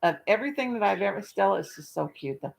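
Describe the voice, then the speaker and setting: On her livestream, a woman chats away in a folksy, talkative way, now and then slipping into baby talk with her dog. Her medium-pitched voice is expressive and quick, with some vocal fry.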